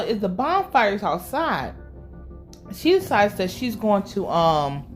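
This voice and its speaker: A woman giving a casual, sassy and profane recap of a TV episode with lively asides. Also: medium pitch. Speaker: show recap host.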